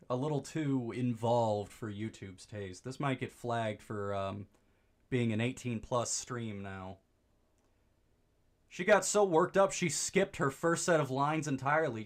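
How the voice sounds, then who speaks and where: A young man giving goofy, rambling let's play commentary, breaking into excited high-pitched exclamations. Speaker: streamer.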